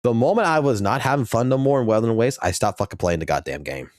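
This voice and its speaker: A man's voice: mid-range voice, lively intonation, fast talker, no echo, studio quality. A man in his thirties or forties, a game streamer ranting profanely and with exasperation during a live broadcast.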